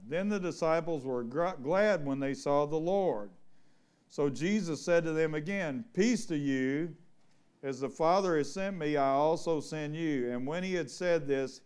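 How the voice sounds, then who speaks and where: A man preaching a casual sermon, talking with the congregation and reading from the Bible. His voice sits a little high for a man and sounds smooth and clear. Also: darkish tone. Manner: folksy, conversational, asks the congregation questions. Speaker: pastor.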